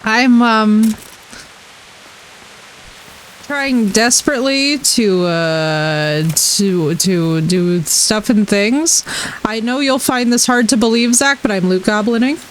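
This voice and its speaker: A high-voiced woman streams a game live, laughing often and swearing freely as she reacts. She talks to her chat in an unhurried, playful way. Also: slight background noise, rough recording. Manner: animated, laughing, swearing, chatting with viewers. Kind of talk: live gameplay commentary.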